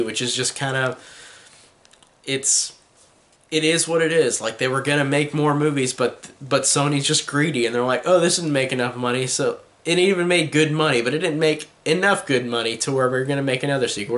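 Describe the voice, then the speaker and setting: A man's voice: medium pitch, a bit bright. A young adult man with a mid-range voice talks through a film in a casual review. He rambles with eager enthusiasm. He restarts his sentences often and leans on filler words. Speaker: movie reviewer.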